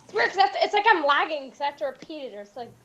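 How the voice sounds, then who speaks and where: A woman's voice: high voice, expressive, very fast, fairly bright tone, highs cut off, slight background noise. A woman chatting casually as co-host from her garage, teasing and easily distracted, with the hiccups. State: hiccups, clearing throat. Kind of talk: casual chat.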